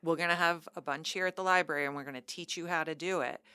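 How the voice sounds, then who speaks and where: A woman's voice: sits low, fairly even intonation, fast, sharp tone, smooth, no room sound, clean studio sound. A woman co-hosting a library podcast, reading event announcements with bubbly, enthusiastic asides in casual chat.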